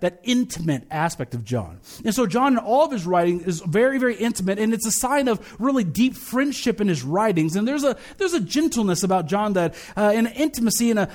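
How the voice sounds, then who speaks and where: A male pastor preaching in a relaxed, conversational way, with a fairly high voice. He jokes, trips over and repeats his words, and slows right down when reciting a statement of faith. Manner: casual, joking, restarts and repeats words; recites the creed slowly and deliberately. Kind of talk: conversational sermon.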